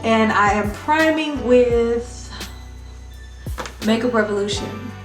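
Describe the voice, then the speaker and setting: A woman's voice: on the high side, takes it slowly. A woman beauty vlogger talking through a casual makeup tutorial in a chatty, sing-song tutorial voice. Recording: echoey room, distant mic, music behind.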